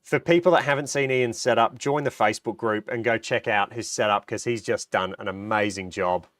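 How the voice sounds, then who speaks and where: A man's voice: on the low side, fairly quick, a bit bright, dry recording, clean studio sound. A man hosting a casual livestream. He has a cold, so his voice sounds nasal, and he chats with enthusiasm and answers viewer comments. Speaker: livestream host.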